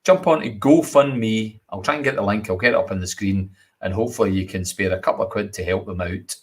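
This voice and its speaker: Scottish man, low-ish voice, easygoing chat host, teasing co-host. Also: a little fast, slightly rough. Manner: jokey, chatty, laughs often. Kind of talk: casual live chat show hosting.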